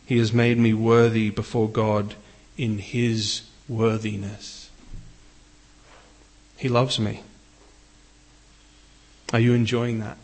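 A man's voice: fairly low pitch, level tone, takes it slowly, pauses often, darkish tone. A man preaching a sermon in an earnest way, lifting his voice when he reads scripture. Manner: earnest, rises for scripture readings.

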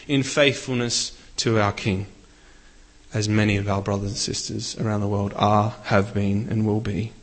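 A man's voice: lowish voice, level tone, normal speed. Earnest male preacher. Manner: earnest, rises for scripture readings. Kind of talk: sermon.

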